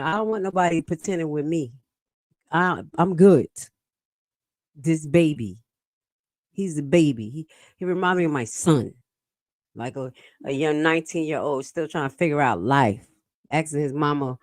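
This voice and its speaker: A woman's voice: sits low, normal speed, a little mellow, dry recording, studio quality. A woman hosting a live stream, commenting on meeting clips in a sassy, profane, emphatic way.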